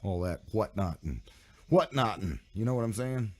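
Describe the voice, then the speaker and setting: A man's voice: fairly low pitch, animated, moderate pace, a little mellow. A man hosting a live radio show in loose, rambling, profane banter, his voice sick. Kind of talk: casual live stream and radio chat.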